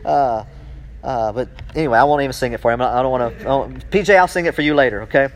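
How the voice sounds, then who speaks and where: A man preaching a sermon to a congregation, reading scripture aloud, then breaking off mid-sentence to ask questions with growing excitement. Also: mid-range voice, quick pace. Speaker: pastor.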